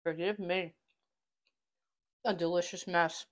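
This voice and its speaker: A middle-aged woman chats her way through a home cooking vlog in her kitchen. She sounds enthusiastic and keeps passing along tips, in a slightly low voice. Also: steady tone, slow pace. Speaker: cooking channel host.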